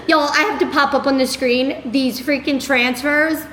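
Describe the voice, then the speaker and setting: A woman in her thirties with a twang talks straight to her viewers, upbeat and a little scattered, full of "y'all" and "girl." Her voice sits high. The room rings with echo, and a faint hum of ambience sits underneath. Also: fairly even intonation, normal speed, a bit bright. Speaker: motivational creator. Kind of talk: casual motivational talk to camera.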